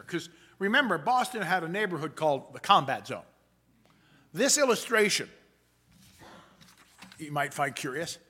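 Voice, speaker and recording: Earnest man preaching, bright voice. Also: a little high. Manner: measured, earnest delivery that slows for emphasis. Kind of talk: sermon.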